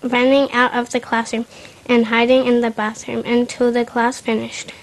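A woman's voice: a little high, completely flat delivery, moderate pace. A woman reads a first-person story aloud in a plain, unpolished way, often stumbling and restarting words. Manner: unpolished reading with restarts and slips.

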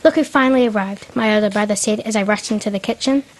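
Reading a first-person story out loud, this woman speaks fast with a medium-pitched voice. The delivery is plain and rough, marked by slips and restarted words.

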